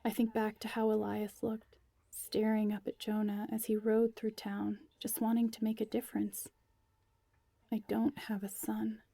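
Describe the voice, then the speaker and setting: A woman reading a first-person story aloud in a quiet, intimate way, sometimes dropping to a breathy whisper. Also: mid-range voice, monotone, normal speed, no echo. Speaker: narrator.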